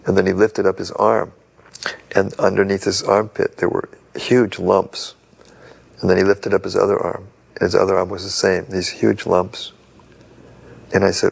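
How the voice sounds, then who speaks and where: A man's voice: deep voice, level tone, normal speed, creaky, husky. An older man in an interview, earnestly telling a story from memory. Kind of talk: reminiscing interview.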